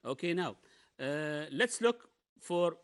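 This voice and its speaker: Man teaching English, halting explanations. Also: fairly high pitch, expressive. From Oman. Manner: explanatory, hesitant with many fillers. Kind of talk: televised classroom lesson.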